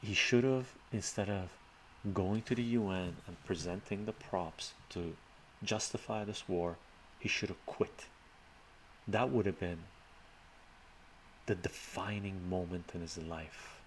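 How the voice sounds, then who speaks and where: A man's voice: deep voice, takes it slowly, pauses often, a little hiss or hum. A man live streaming and answering his chat in a loose, rambling way, often tagging his points with "right?" and chuckling.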